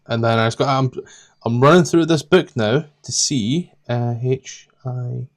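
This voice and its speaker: A Scottish man running a tabletop game talks at an unhurried pace in a medium-pitched voice. Relaxed and rambling, he leafs through his notes aloud while checking things as game master.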